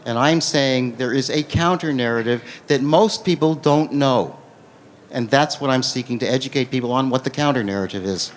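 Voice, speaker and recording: A man giving a lecture and answering audience questions in a measured, explanatory way. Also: medium pitch, slight background noise. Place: large conference hall. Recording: long hall reverb.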